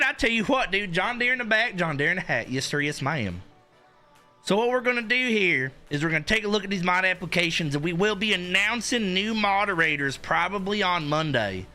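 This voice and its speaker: A man's voice: high voice, sharp tone. A young man hosting a live stream in casual chat, hyped and rambling, with lots of filler words.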